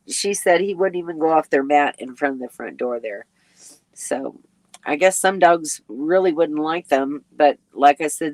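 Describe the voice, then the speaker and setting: A woman's voice: deep voice, no room sound. A woman hosting a casual live stream, reading viewer comments aloud and chatting in a rambling way with frequent ums and little laughs, sleepy and yawning. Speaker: RV travel vlogger hosting a live chat.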